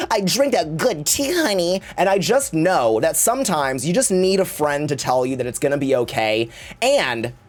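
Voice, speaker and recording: A man streaming live, chatting casually in a campy, theatrical way and swearing freely. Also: high voice.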